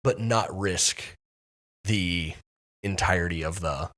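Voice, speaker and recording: A man co-hosting a church podcast, talking casually with many restarts and pauses. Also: deep voice, fairly bright tone. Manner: hesitant, many restarts and fillers. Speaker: pastor and podcast co-host.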